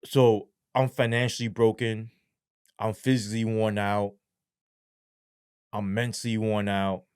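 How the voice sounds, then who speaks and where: A man, a former police sergeant, telling his story as an interview guest in a blunt, slangy way, heavy on profanity, his voice going low and halting when he speaks of despair. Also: little pitch movement, a little mellow, clear, resonant tone, no echo, studio quality.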